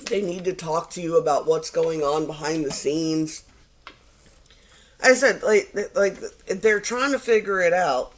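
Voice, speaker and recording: A woman's voice: fairly low pitch, measured pace. A woman giving a casual tarot reading in a rambling, conversational way. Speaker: tarot reader.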